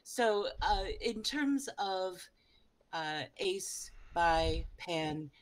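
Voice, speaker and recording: Hesitant woman with a deep voice. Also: animated, extremely slow. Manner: hesitant, many ums and restarts while framing questions. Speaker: panel moderator. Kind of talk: online panel discussion.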